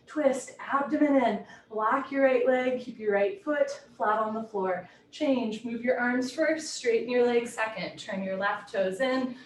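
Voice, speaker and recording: A woman's voice: high voice, slight background noise. Woman calling yoga cues in a roomy space. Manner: brisk clipped posture cues, light and playful. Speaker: yoga teacher. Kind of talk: live yoga class instruction. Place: home room. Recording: roomy echo, heard from a distance.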